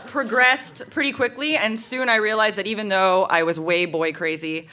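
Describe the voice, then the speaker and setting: A woman's voice: mid-range voice, a bit bright, slight background noise. A young woman reading her teenage diary aloud at a live show, wry and laughing through it. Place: live venue stage.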